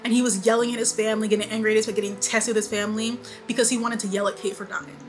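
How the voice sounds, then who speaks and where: A woman in her twenties giving a casual, animated TV recap, repeating lines for emphasis and laughing often. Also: medium pitch, racing, soft background music, poor audio. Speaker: beauty vlogger.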